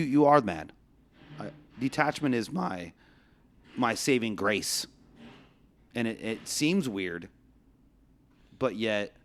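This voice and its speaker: Chatting casually with a guest, a male podcast host tells loose, rambling stories, laughing a lot and swearing freely. His pitch is ordinary for a man.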